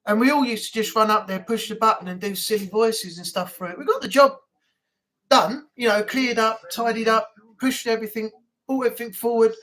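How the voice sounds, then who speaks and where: A man's voice: high voice, brisk, pushed and bright, low-quality recording. A man hosting a casual live-stream chat from home, rambling and chatty with lots of fillers. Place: home room.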